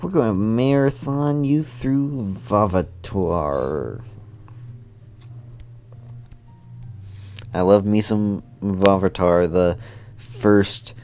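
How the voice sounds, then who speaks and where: A man's voice: low voice, very slow, long pauses, darkish tone, smooth, faint music behind. A man reading a cheerful schoolgirl friend. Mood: teasing. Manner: upbeat, encouraging, read aloud from game text. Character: cheerful supportive young female schoolgirl friend. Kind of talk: reading visual novel dialogue.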